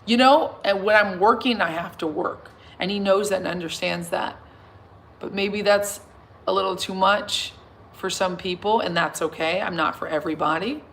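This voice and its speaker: A woman in her thirties chatting casually to her followers, emphatic and self-assured, swinging from soft to loud. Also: medium pitch, normal speed, gravelly, slight background noise. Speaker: singer and vlogger addressing her followers. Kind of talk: casual livestream chat reading comments.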